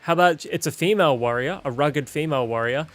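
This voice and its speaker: A man's voice: on the high side, fast, a bit bright, slight background noise. A man streaming a game and giving blunt, profane, opinionated commentary in a casual chat. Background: game music.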